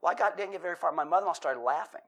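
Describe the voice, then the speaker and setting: A man's voice: fairly high pitch, racing, a bit bright. A middle-aged man preaching a sermon, telling self-deprecating stories and reading scripture and poetry with dramatic emphasis. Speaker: pastor.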